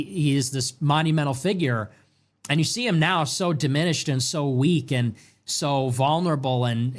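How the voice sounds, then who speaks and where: A young adult man hosting a political commentary show, delivering a sarcastic, emphatic rant that swings between loud jabs and low mutters. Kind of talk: ranting political commentary monologue.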